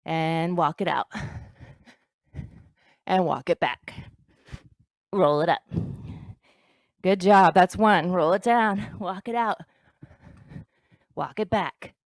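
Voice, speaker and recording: A woman's voice: fairly low pitch, takes it slowly, long pauses, no echo. A woman leading a bodyweight workout as fitness instructor, counting reps aloud and encouraging the viewer.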